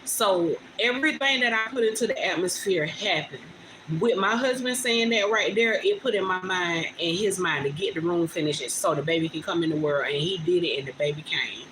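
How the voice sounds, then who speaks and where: A woman's voice: lowish voice, normal speed. A young woman, talking chattily and with feeling to viewers on a phone livestream from home. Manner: chatty, emotional, addresses viewers as y'all. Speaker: vlogger on a livestream. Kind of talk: casual heartfelt livestream talk. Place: home indoors. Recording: phone recording with clear background noise.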